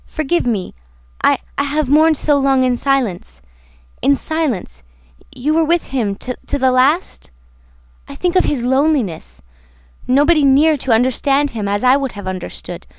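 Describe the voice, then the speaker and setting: A woman voicing a grieving young woman who speaks in a soft, faltering murmur, in an audiobook reading. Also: sits high, lively intonation, normal speed, dry recording. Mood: heartbroken.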